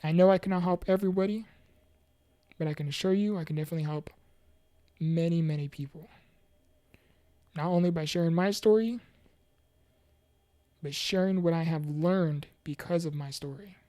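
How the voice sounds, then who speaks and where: A woman giving an earnest, heartfelt personal testimony about mental health and faith, halting now and then with fillers and restarts. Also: fairly low pitch, warm tone, dry recording, studio quality. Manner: preachy, faith-focused encouragement. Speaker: motivational speaker.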